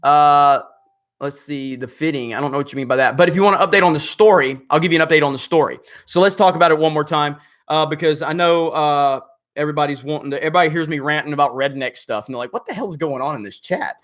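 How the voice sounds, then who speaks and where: Hoarse male streamer, halting and rambling, higher-pitched voice. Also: fairly even intonation, a bit bright. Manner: rambling, halting, full of fillers. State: hoarse, losing his voice. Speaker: livestream host. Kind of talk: casual livestream chat, reading viewer comments.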